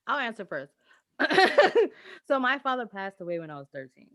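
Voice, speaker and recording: A woman's voice: on the high side, wildly swooping pitch, normal speed, fairly bright tone, no echo, studio quality. A woman in casual podcast chat, talking candidly and reflectively about her life. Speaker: podcast co-host.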